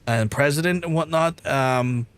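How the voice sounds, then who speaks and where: A young man, chatting casually while playing a game, rambling and animated. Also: fairly high pitch, a little slow, smooth, no echo. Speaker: streamer. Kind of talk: casual let's-play chat.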